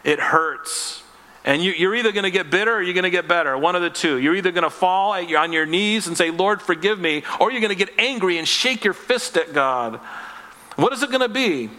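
A man's voice: high voice, lively intonation, brisk, sharp tone. A man preaching a sermon as pastor, earnest and conversational, acting out little voices as he tells the story. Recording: long reverb of a hall.

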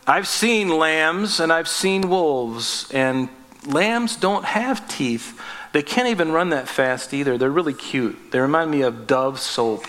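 A man with a bright, fairly high voice preaches a relaxed, conversational sermon. He slips into quick acted-out exchanges and jokes at his own expense. The sound carries a long reverb from a church sanctuary. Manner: conversational, acts out short dialogues, self-deprecating humor. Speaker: pastor. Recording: echoey church hall.

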